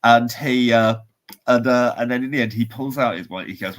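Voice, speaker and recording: A man's voice: mid-range voice, fairly even intonation, a little fast. A man, co-hosting a podcast and telling a rambling story with laughs and restarts. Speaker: podcast co-host. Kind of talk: casual chat, storytelling.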